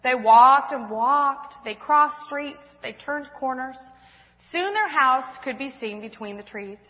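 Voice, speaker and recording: A woman in her thirties reading a children's storybook aloud to a church congregation, in an expressive, gentle storytelling manner. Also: sits high, slow pace. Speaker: church speaker. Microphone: handheld or stand mic. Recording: echoey church hall, dull sound.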